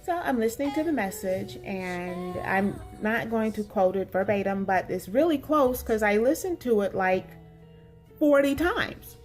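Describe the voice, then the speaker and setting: A woman in her forties telling a story in a casual vlog with emphatic, expressive delivery. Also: medium pitch, a little slow, faint music behind. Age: 40s. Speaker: vlogger.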